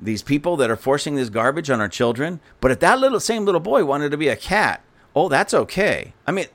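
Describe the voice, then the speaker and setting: A male commentator rants with open scorn and heavy sarcasm. His voice sits a bit high and swings widely in pitch. He addresses listeners directly and indignantly. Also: expressive, quick pace, fairly bright tone. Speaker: political commentator.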